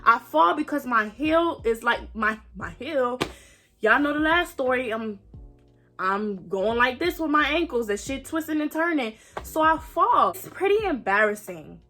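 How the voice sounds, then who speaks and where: A woman's voice: sits high, lively intonation, a little slow, bright, forceful tone, soft background music. A young woman animatedly retelling a night out, acting out quotes and swearing freely. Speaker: vlogger telling a story. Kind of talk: animated storytime.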